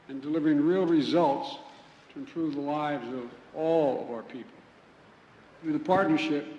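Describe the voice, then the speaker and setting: Older American man, prepared remarks, emphatic, fairly high voice, long hall reverb, dull sound, faint room hum. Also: a little mellow. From United States. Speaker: head of state giving remarks. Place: large conference hall. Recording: echoey hall with faint ambience.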